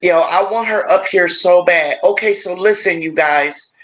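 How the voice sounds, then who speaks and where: A woman's voice: lowish voice, normal speed. A woman hosting a casual livestream, chatty and emotional, talking to viewers directly. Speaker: livestream host.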